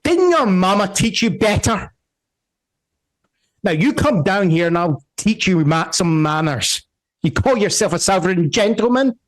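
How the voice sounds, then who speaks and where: A bossy old Southern lady scolds in a high, put-on voice, as a man does her. She sounds fast and sharp-tongued, with a put-on Southern twang. It is clearly a tabletop game character voice. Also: animated. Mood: scolding. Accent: American Southern (put on). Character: old Southern woman neighbor, stern and scolding.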